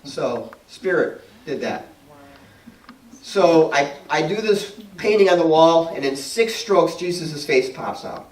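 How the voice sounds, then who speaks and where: A fairly high voice with lively intonation belongs to the middle-aged guest speaker and painter, who takes his time. Chatting through personal stories for an audience, he laughs often and acts out people's lines. A distant mic leaves the recording roomy.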